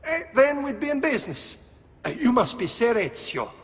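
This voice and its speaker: An actor voicing a brisk, businesslike architect in a video game, talking in a wry, salesman-like way. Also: very high-pitched, very animated, full character voice. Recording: reverberant game audio.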